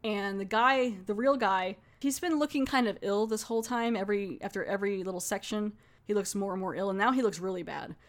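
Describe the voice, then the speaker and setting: A woman's voice: medium pitch, fairly quick. A woman casually reviewing a horror anthology film, retelling scenes in a chatty way with quoted lines. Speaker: movie reviewer.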